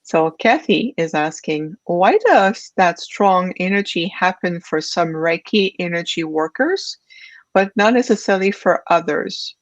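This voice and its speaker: A woman's voice: on the low side, expressive, measured pace, no room sound. A woman hosting an interview, affirming and enthusiastic toward her guest. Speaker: host.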